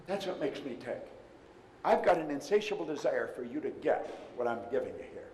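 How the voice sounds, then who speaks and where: An older man delivers a motivational seminar talk. He speaks emphatically, telling stories and retelling dialogue. His voice sits slightly high and rings out with a long hall reverb. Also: lively intonation, brisk, a little mellow, a little hiss or hum. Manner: emphatic, storytelling with retold dialogue. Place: large room before a live audience.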